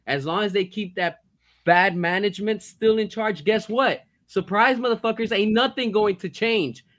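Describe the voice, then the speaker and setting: A man with a notably high voice rants on a livestream, swearing freely and firing off rhetorical questions. He sounds fired up as he hammers each point home. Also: normal speed, fairly bright tone. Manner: fired-up ranting with frequent profanity. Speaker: livestream host. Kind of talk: heated casual chat.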